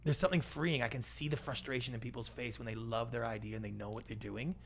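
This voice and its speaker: A man speaking as a guest in a conversational podcast interview, an animated storyteller with a big, energetic personality who acts out what people said. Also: medium pitch, fast talker, vocal fry. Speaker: guest, pitch coach and TV producer.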